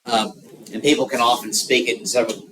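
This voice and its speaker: A man with a Southern American accent giving an unscripted geography lecture, rambling with many filler pauses. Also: mid-range voice, little pitch movement. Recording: distant mic with noticeable background noise.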